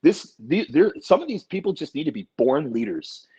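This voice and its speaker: Man, forties, husky voice, blunt and profane, casual podcast chat, muffled lo-fi sound. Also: on the high side, sing-song, moderate pace, warm tone. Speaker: podcast co-host. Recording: dull lo-fi recording.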